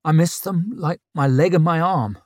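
A man's voice: fairly high pitch, no room sound, clean studio sound, pitched above the performer's own voice, lightly acted. A man voicing Leo, a crippled, hot-tempered young lord who swings between pain and pleading. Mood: raw pained. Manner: raw, pleading, quick to anger.

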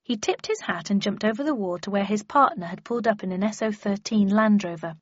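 Husky woman narrating a story. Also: mid-range voice, fairly quick, dry recording, highs cut off. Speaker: audiobook narrator. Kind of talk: scripted first-person narration.

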